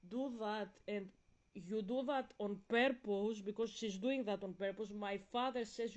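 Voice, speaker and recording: A young woman vlogs a passionate theology rant, emphatic and preachy in tone. Her mid-range voice is darkish, and she repeats and restarts phrases, slowing down to stress key words.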